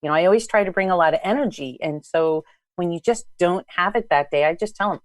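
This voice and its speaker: A woman instructor, a guest, telling lively stories about her teaching and acting out what people said. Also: fairly low pitch, quick pace, no echo, studio quality. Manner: animated, acts out past dialogue. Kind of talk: storytelling in conversation.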